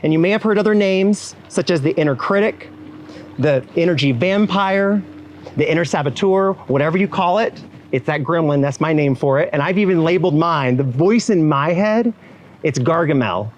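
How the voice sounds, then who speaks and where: Slight background noise and a rough recording surround this man's fairly high, normal-speed voice. Speaking animatedly to event professionals in a motivational keynote, he addresses them head-on, adds frequent asides, and voices the clients and inner monologues he quotes.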